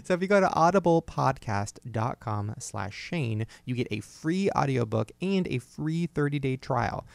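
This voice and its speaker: A young man hosting a podcast in casual chat, gossipy and animated, acting out quotes in high voices. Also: normal speed, vocal fry, hardly any pauses, dry recording. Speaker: podcast host.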